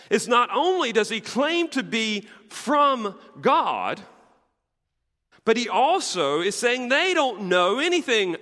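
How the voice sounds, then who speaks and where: A man's voice: high voice, bright, forceful tone. A man preaching a sermon, voicing scripture quotes with dramatic emphasis. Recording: long hall reverb.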